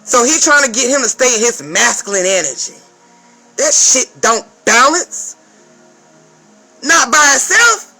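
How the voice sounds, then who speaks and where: A woman's voice: high-pitched, sharp tone, poor audio. A woman speaking as a spiritual advisor in a casual vlog rant. She swears a lot, talks emphatically and keeps checking in with the viewer.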